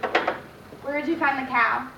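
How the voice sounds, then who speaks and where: A young woman with a fairly high voice leads small children through a classroom lesson, encouraging them and praising each answer. She is recorded from across an echoey classroom, with steady background noise. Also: moderate pace, creaky, far from the mic. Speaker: student teacher.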